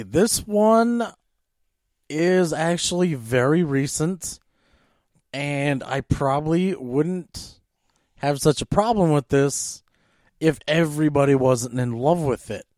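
Male podcast co-host, slightly high voice, dry close mic, exasperated and animated. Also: dry recording. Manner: animated, exasperated ranting with frequent fillers. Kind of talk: casual movie-rant chat.

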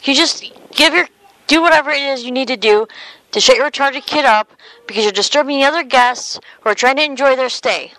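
A woman's voice: high-pitched, a little fast, bright, forceful tone, dry recording. A woman playing a rude, insulting hotel desk manager on a prank phone call, blunt and condescending.

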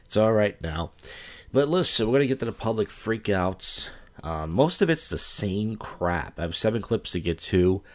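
A man's voice: lowish voice, big pitch swings, moderate pace. A man hosting a podcast, talking casually in a rambling, crude and blunt way as he introduces clips. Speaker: podcast host.

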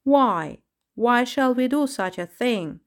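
A woman voicing an excitable, talkative male parrot in a storybook, exclaiming brightly. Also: on the high side, slow pace, voice pushed up. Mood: excited. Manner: lively, exclaiming. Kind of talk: storybook reading.

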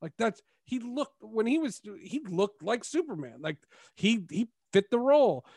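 Male podcast host, a touch high-pitched, dry close sound, casual and meandering delivery. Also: very animated, moderate pace, vocal fry, darkish tone, breathy edge, no room sound. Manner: rambling, restarts mid-thought. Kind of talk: casual interview chat.

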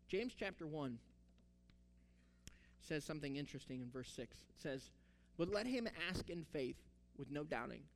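A male pastor delivers a sermon in a fairly high voice. He tells the story with animation, slipping into the characters' lines as he goes, and reads out scripture along the way. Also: lively intonation, slow pace, pauses often.

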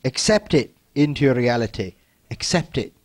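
A man giving a self-help teaching talk, speaking slowly and repetitively, gently insistent and often dropping to a soft, quiet delivery. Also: mid-range voice, animated, dry recording.

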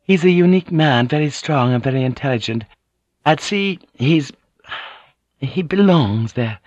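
A man's voice: on the high side, animated, unhurried, a little mellow, no echo, highs cut off, pitched above the performer's own voice. A man voicing a devout noblewoman who answers formally and politely but firmly. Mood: resolute. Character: proud, devout noblewoman, calm and resolute.

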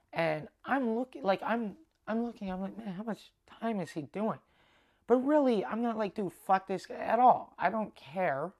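Rambling Canadian man telling a story. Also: high voice. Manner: rambling, animated, swears freely, acts out quoted dialogue. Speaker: podcast host. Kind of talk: casual storytelling monologue.

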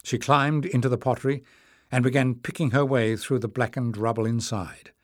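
This is scripted audiobook narration of a fantasy novel by a man who tells the story in a measured yet expressive manner. His pitch is medium, recorded dry at studio quality.

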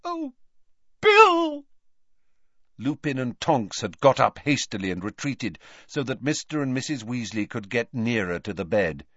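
Expressive male audiobook narrator. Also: lowish voice, moderate pace, few pauses, no echo, dull audio. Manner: expressive, varied delivery. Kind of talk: scripted narration.

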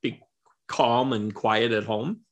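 A man hosting an interview, asking curious questions in a relaxed conversational way. His voice sits at an ordinary male height and he laughs easily along with his guest. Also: medium pitch, slow.

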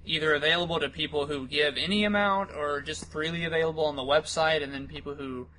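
A man who writes and co-hosts a podcast explains things earnestly in casual chat. His voice is bright and a little high, and he often restarts his phrases. Faint background noise sits under the recording. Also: steady tone, quick pace, rough recording.

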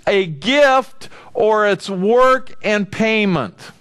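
A high-voiced man preaches slowly, recorded with clean studio sound and no room sound. As pastor, he animates the story by acting out its characters and quizzing the congregation.

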